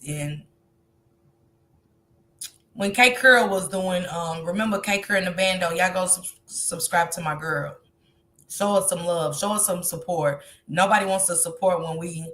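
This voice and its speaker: A woman hosting a live stream and talking casually to her viewers about a case, animated and speaking straight to the audience. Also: on the low side. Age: grandmother.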